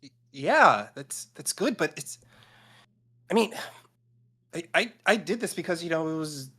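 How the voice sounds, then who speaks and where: A man's voice: a little high, expressive, measured pace, pushed and bright, slightly rough, voice pushed up, exaggerated voice. A man playing an earnest young male hero at a tabletop game, stammering and sounding unsure of himself. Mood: overwhelmed.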